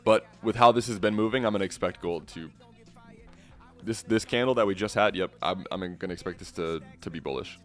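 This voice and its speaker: A man's voice: sits low, a little fast, faint music behind. A young man commentating his live trades casually, swearing often and calling the audience bro. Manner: swearing, says bro constantly, swings from bragging to exasperated. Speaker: streamer trading futures live.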